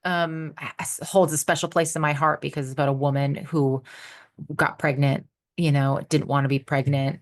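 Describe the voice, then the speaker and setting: A woman guest in a casual interview, telling candid, animated anecdotes with frequent restarts. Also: deep voice. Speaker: guest performer.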